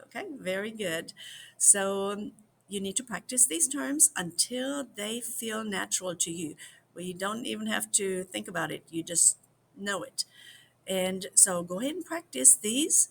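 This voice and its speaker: A woman teaching phrases in a slow, patient drill, repeating each one several times. Her voice has a gravelly, creaky edge, and a faint hiss of noise sits behind her. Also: mid-range voice, lively intonation, fairly bright tone. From United States. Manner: drills phrases slowly, repeats them for viewers. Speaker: language teacher. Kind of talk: slow repeat-after-me language lesson.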